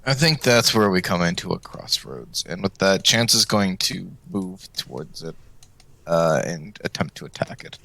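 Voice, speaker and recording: A man's voice: deep voice, expressive, moderate pace, gravelly, pushed and bright. A man playing in a tabletop game, laughing easily as he talks. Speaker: player. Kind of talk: casual chat around a game.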